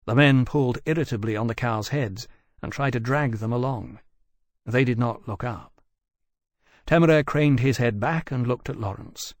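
Measured male audiobook narrator, dry close. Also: mid-range voice, dry recording. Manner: measured, even storytelling. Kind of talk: scripted narration.

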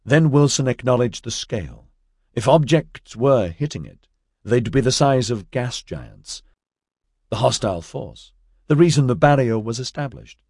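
A man narrating an audiobook in a measured storytelling manner, voicing all the characters. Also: medium pitch, lively intonation, vocal fry, darkish tone, no room sound, clean studio sound. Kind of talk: scripted narration.

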